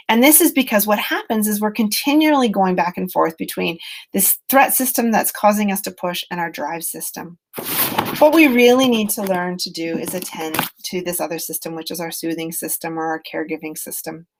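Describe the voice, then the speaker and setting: A middle-aged woman educator giving a webinar on self-compassion, speaking gently and earnestly in a conversational way with many fillers, over a computer mic. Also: fairly low pitch, brisk, creaky, a little hiss or hum. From British Columbia, Canada.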